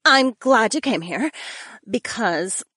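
A woman's voice: on the high side, expressive, slow pace, pushed and bright, no echo, full character voice. A woman voicing a nervous teenage mermaid girl who confides hesitantly, recorded close and dry.

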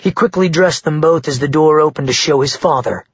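Man, story narration, breathy husky voice, slightly dull recording. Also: a little high, brisk, dry recording. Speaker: audiobook narrator. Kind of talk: scripted narration.

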